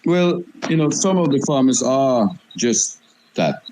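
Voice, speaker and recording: A man's voice: medium pitch, expressive, unhurried, noisy background. A man from Norway debating in a casual call, hesitant and searching for words, speaking through his phone. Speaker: guest speaker.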